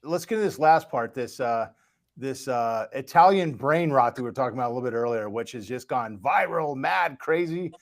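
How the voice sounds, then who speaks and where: A man hosting a casual podcast who rambles along, restarting sentences and padding them with fillers. His delivery is relaxed and unscripted. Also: mid-range voice, fairly quick. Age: parent of children. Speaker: podcast host. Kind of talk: casual chat.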